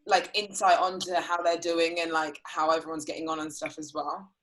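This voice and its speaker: A woman in her twenties, a guest on a podcast call, speaking softly and earnestly with lots of fillers. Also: low-pitched, little pitch movement, moderate pace, rough recording. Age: 20s. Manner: soft-spoken, filler-heavy, earnest. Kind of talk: casual group chat on a call. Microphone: video call.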